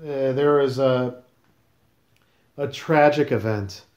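A man's voice: medium pitch, slow pace, darkish tone, reverberant. A man hosting a casual podcast, questioning his guest in a teasing, mock-serious way. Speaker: podcast host.

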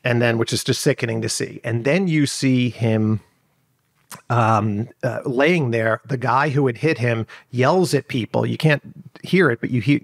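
A man's voice: mid-range voice, gravelly, no room sound, studio quality. A male journalist telling a long story in a podcast interview, rambling with many fillers and restarts. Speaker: journalist guest. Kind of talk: conversational storytelling.

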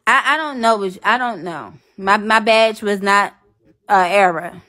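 A woman's voice: mid-range voice, a little slow. A woman hosting a live stream, talking straight to her viewers, thanking commenters and venting bluntly with swearing. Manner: animated, addresses viewers directly and thanks commenters. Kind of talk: casual live stream chat.

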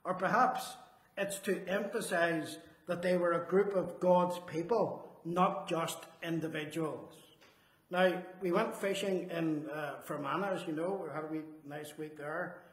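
A man preaching a sermon, earnest and emphatic, slowing down on his key phrases. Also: on the high side, fairly even intonation. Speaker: Salvation Army officer preaching. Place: church hall. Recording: echoey church hall.

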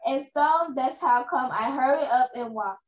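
A woman reading a children's chapter book aloud at a reading fair, halting now and then and restarting words. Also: sits high. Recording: echoey room, faint noise.

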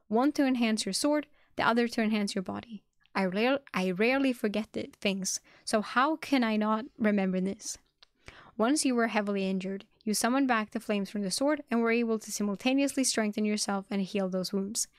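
An intense young man hurls accusations at a rival, voiced by a woman reading an audiobook. His delivery is loud and pressing, with a mid-range voice. The sound is dry and close to the mic. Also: mid-range voice, fairly quick, no echo, close to an everyday voice. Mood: accusing.

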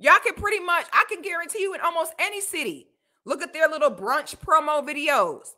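A woman from Florida hosting a casual commentary livestream, talking bluntly and animatedly with loud exclamations. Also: high voice, lively intonation, a little fast. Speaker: livestream host.

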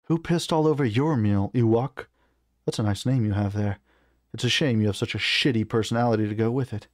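A man voicing a cocky, sharp-tongued male halfling adventurer with a smug, mocking tone. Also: medium pitch, brisk, no room sound, clean studio sound, natural voice.

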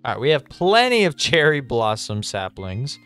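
A man giving excitable, chatty gameplay commentary and talking straight to his viewers. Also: mid-range voice, normal speed, smooth. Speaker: gaming video host.

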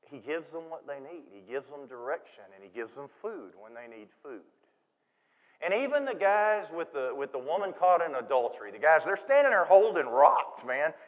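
A man preaching a sermon in a church, folksy and animated, acting out quoted voices. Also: fairly high pitch, moderate pace. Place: church sanctuary. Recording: long reverb of a church hall.

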